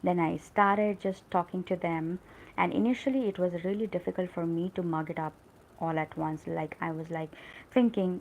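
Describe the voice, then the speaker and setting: Woman, Indian English accent, gravelly fry, lower pitch, encouraging and chatty, live English lesson. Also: steady tone, normal speed, a little mellow, a little hiss or hum, poor audio. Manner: chatty, encouraging, many fillers. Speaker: English teacher hosting a live stream. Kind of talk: casual live-stream talk.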